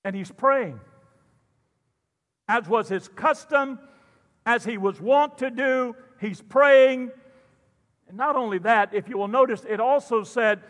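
A man's voice: very high voice, slow pace, long pauses, fairly bright tone. An older man preaching a sermon as pastor in a church, fervent and drawn out on the big lines, with joking asides. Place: church sanctuary. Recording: long hall reverb.

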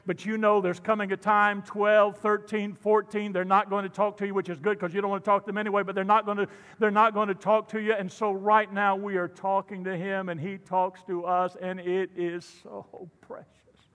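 A man's voice: high voice, level tone, moderate pace, a bit bright. An older man preaching a sermon as pastor in a church, fervent and drawn out on the big lines, with joking asides. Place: church sanctuary. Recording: long hall reverb.

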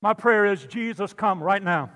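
A man's voice: sits high, lively intonation, normal speed, a bit bright. An older man preaching a sermon as pastor in a church, fervent and drawn out on the big lines, with joking asides. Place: church sanctuary. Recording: long hall reverb.

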